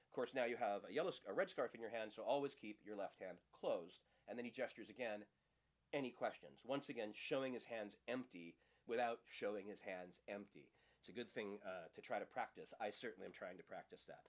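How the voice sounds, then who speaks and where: A middle-aged man teaching a magic trick in a casual, playful demonstration, talking the viewer through each move. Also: a little fast. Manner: lively, playful, acts out audience lines in high voices.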